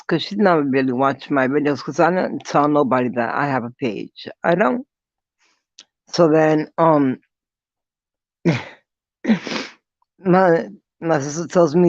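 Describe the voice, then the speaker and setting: Slow-talking vlogger, lively storyteller. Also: mid-range voice, no echo. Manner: animated, laughing often, swears freely. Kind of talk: casual storytelling to camera. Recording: dull, slightly lo-fi dry audio.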